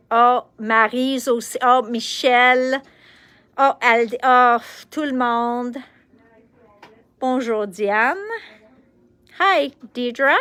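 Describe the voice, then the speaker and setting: A chipper woman hosts a live shopping stream. She greets her viewers one by one at an unhurried pace, in a fairly high voice. The sound is dry and close, with no room around it. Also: fairly bright tone, clear, resonant tone, dry recording. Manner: chipper, greets viewers by name, switches between English and French. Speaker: shop host on a livestream.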